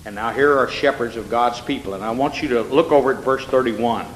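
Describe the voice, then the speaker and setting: A man's voice: mid-range voice, brisk, a little hiss or hum. Emphatic preacher man in echoing hall. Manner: emphatic, with rhetorical questions and folksy asides. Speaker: pastor. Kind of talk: evening sermon with scripture reading. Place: church sanctuary. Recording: echoey hall with long reverb.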